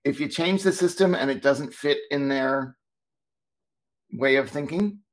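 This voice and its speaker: A man, a former teacher co-hosting a talk show, telling stories in a lively, casual way and acting out what people said. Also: mid-range voice, unhurried. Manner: animated, acts out quoted dialogue. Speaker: podcast co-host, former teacher. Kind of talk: casual storytelling chat.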